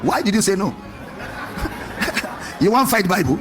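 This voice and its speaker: A man preaching with a high, bright voice that leaps up and down. He questions his listeners and stretches key phrases into a sing-song. Faint music sits under his voice. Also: fast talker, a faint crowd. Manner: animated, questioning the congregation, sing-song emphasis. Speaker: pastor. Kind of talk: sermon.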